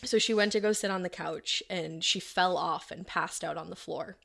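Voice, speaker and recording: A woman with a lowish voice and a gravelly edge walks a co-host through a true crime case. She talks casually, quoting the people involved in her own everyday voice. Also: moderate pace, pushed and bright. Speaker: podcast co-host telling the case.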